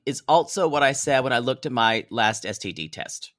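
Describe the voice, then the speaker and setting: Brief: male podcast co-host, bright and animated, recapping with jokes, dry close mic. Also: medium pitch, normal speed, no echo. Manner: recapping, joking, many ums and laughs. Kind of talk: casual comedic chat.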